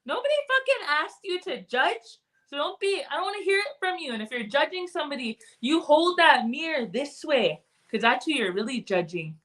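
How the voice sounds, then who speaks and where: A woman putting on Auntie Beatrice, a high sassy auntie. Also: lively intonation, normal speed, few pauses, a bit bright. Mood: scolding. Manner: blunt, cussing, scolding.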